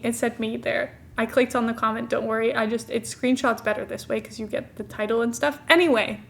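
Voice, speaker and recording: A woman's voice: on the high side, brisk, gravelly, hardly any pauses, a bit bright. A young woman streamer chatting casually, giggling often and poking fun at herself. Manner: giggly, self-mocking, chatty. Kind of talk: casual live-stream commentary.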